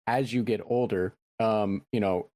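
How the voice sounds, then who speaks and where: A man in his thirties hosting a podcast, chatting casually in a relaxed, rambling way with lots of fillers. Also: on the low side, a little slow, no echo. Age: 30s. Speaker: podcast host.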